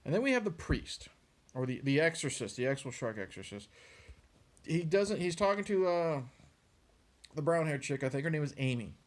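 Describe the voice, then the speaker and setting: A man's voice: fairly high pitch, animated, normal speed, long pauses. A man giving a casual, sarcastic, profane rant reviewing a movie, sounding exasperated and mocking. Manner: sarcastic, exasperated, swears freely.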